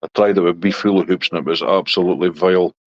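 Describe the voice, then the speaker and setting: Scottish guy with a real low voice, laid back chat, dull dry lo-fi sound. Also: quick pace, dry recording. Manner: relaxed, chatty, talks to his dog in a high baby voice. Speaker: livestream host chatting with viewers. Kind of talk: casual chat.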